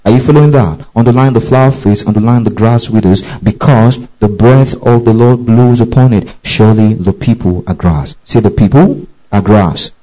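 Mellow-voiced man preaching, checking in often. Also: on the low side, low-quality recording. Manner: keeps checking in with the congregation, repeats verses and calls out "underline that"; reads scripture slowly and deliberately. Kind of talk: sermon with Bible reading.

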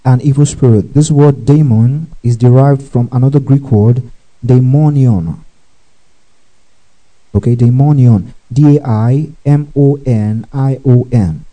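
A man's voice: mid-range voice, mellow, poor audio. A man preaching a teaching sermon who checks in often with his listeners and spells out words letter by letter. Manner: checks in often with "okay?" and "right?".

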